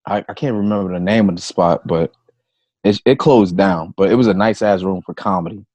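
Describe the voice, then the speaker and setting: A man's voice: deep voice, a little fast, a little mellow, no echo. A comedian on a podcast, a man telling a loose, profane anecdote in casual chat. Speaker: comedian guest.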